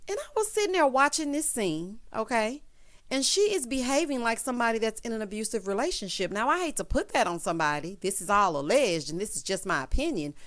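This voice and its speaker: A woman's voice: on the high side, sing-song, brisk, a bit bright. A woman recapping a reality show in a chatty, sassy way, full of quips like "child" and "honey". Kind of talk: casual opinionated show recap.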